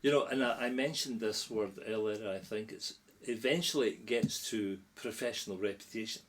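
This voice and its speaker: A middle-aged Scottish man, a guest on a podcast, chats casually and tells an anecdote, growing more animated and laughing as he goes. His voice is fairly low and his speed normal. There is slight background noise.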